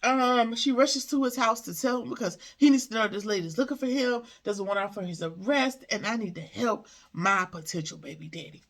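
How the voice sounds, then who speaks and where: A woman's voice: on the high side, brisk, few pauses, fairly bright tone. A woman recapping a TV episode in casual commentary, sassy and talking back to the characters. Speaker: TV show reviewer.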